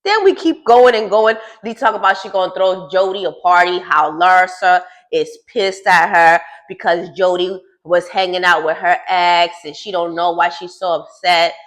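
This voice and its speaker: A woman's voice: on the low side, moderate pace, few pauses. A woman recapping a reality show in a casual gossip style, sassy and teasing as she talks straight to the cast.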